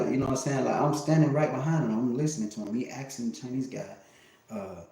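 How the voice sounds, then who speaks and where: A man's voice: mid-range voice, fairly quick, dark tone. A man talking to his livestream in a casual, rambling monologue, cursing often and stumbling through fillers and restarts. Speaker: livestream host. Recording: very echoey room.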